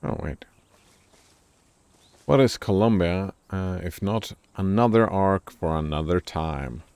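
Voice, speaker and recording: A deep-voiced man talks slowly with a gravelly edge, thinking out loud as he plays a game on stream. He puzzles over words, looks things up and pokes fun at himself in a loose, casual way. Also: dry recording. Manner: musing aloud, looking up words, self-deprecating. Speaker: gameplay streamer. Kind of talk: casual commentary while playing a game.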